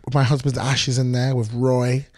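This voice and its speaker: A man's voice: medium pitch, little pitch movement, moderate pace, no echo, clean studio sound. A man with a London accent telling crude, funny stories in a chatty, giggly way as a guest. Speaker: drag performer guest. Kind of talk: casual chat.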